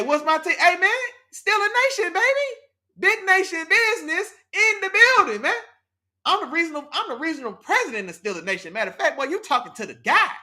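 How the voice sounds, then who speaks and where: A man hosting a casual live sports talk stream, reading out the chat with animated, slangy hype and lots of "man" and "big dog". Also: sits high. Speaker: sports talk show host.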